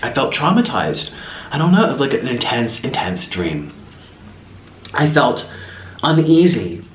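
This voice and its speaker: A man tells a rambling story while eating on camera, his voice swinging high and low as he restarts his sentences. He sounds like he is in a roomy space with a noticeable echo. A faint hiss sits underneath. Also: a little slow. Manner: animated, rambling, with many restarts. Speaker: mukbang vlogger.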